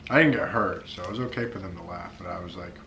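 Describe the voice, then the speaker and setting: A man's voice: deep voice, fast talker, sharp tone, roomy sound, a little hiss or hum. A young man chatting casually on a family vlog, hesitant with many fillers. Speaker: vlogger's husband. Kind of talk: casual chat.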